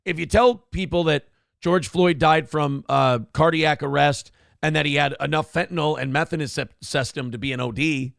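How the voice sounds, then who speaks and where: A man's voice: fairly high pitch, steady tone, moderate pace, gravelly, a bit bright, no room sound, studio quality. A man hosting a livestream talk show. He reads viewer comments aloud and rants with plenty of profanity. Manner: ranting and profane. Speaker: live show host.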